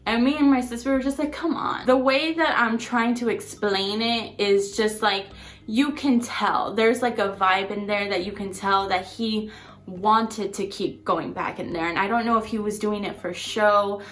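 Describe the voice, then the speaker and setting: A woman's voice: mid-range voice, steady tone, normal speed, a bit bright. A woman vlogger telling a personal story in a chatty, rambling way, full of fillers. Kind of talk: casual storytelling.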